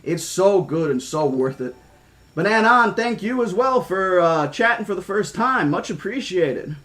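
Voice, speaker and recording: A man reading a novel aloud on stream, chatting excitedly with viewers between passages. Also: high-pitched, a little slow. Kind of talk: audiobook reading with chat shout-outs.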